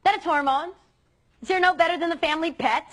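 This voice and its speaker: A woman's voice: very high-pitched, brisk. A woman youth speaker giving an earnest, emphatic motivational talk to students.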